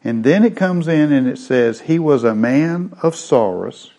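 A man's voice: mid-range voice, lively intonation, unhurried, mellow. A man teaching a Bible lesson in a sermon style, explaining word meanings step by step.

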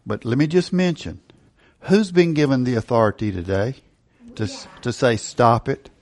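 A man's voice: mid-range voice, sing-song, moderate pace, darkish tone. A middle-aged male pastor preaching a sermon, emphatic and asking rhetorical questions.

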